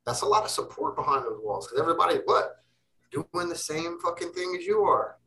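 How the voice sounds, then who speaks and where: A man's voice: fairly high pitch, expressive, brisk, far from the mic, rough recording. A young man speaking as an interview guest, intense and emphatic, swearing freely. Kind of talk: casual interview talk.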